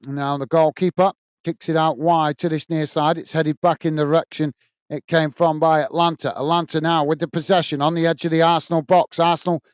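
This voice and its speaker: A British man with a smooth, slightly high voice hosts a chatty live football watch-along, speaking fairly quickly with a flat delivery. He greets viewers, reads their messages and gives play-by-play, all recorded dry and close to the mic.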